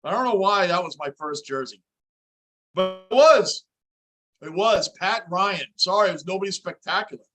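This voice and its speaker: A man's voice: high voice, lively intonation, moderate pace, fairly bright tone. A middle-aged man hosting a fan livestream, chatting casually and reading viewer comments aloud as he reacts to the game. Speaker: livestream host.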